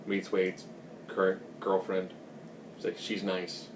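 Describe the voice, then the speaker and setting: A man's voice: deep voice, completely flat delivery, slow pace, roomy sound, recorded from a distance, background noise. A man giving a casual, rambling recap of a TV episode, with joking asides. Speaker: recap host.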